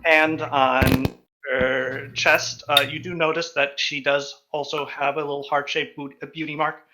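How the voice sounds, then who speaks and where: A young man narrating a tabletop game as game master, describing scenes slowly with frequent ums and uhs. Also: a little high, flat delivery, bright, forceful tone, rough recording.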